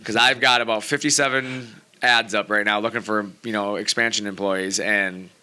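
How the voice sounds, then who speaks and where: A man's voice: lowish voice, steady tone, moderate pace, pushed and bright, clear, resonant tone. A man hosting a podcast in casual chat, rambling and packing his talk with fillers like "you know" and "like". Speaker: podcast host.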